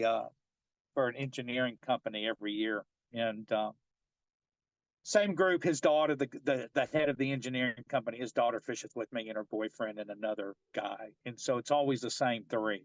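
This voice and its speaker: A man's voice: medium pitch, dry recording, poor audio. A man working as a fishing guide, telling a long story in a casual interview and rambling with many restarts and fillers.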